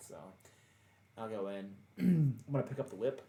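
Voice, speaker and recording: A man's voice: lowish voice, big pitch swings, normal speed, creaky, warm tone, echoey room. A man playing a tabletop game with a hesitant, rambling and mischievous way of talking.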